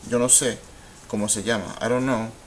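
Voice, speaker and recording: A man teaching a recorded Spanish grammar lesson, explaining in a relaxed way with lots of ums and uhs. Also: mid-range voice, brisk, rough recording. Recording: faint hiss.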